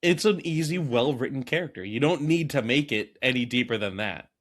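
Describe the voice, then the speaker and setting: A man co-hosting a casual movie podcast, rambling and animated, dropping into quick acted quotes. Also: medium pitch. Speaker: podcast co-host.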